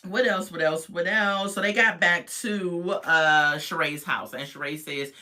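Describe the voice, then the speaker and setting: A woman's voice: lowish voice, a little slow, pushed and bright. A woman casually recapping a reality TV episode, chatty and sassy with lots of asides.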